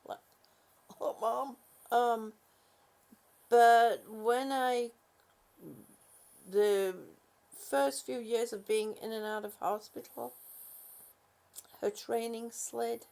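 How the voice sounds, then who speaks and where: A woman's voice: a little high, fairly even intonation, drawn-out words, vocal fry, long pauses, darkish tone. A woman vlogger in a casual morning chat, affectionately greeting viewers and fussing over her dog.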